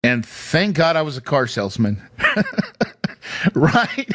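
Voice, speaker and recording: A man's voice: on the high side, big pitch swings, takes it slowly, no echo. A man hosting a podcast, telling a personal story in an emphatic, emotional way and laughing often into a studio microphone. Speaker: podcast host.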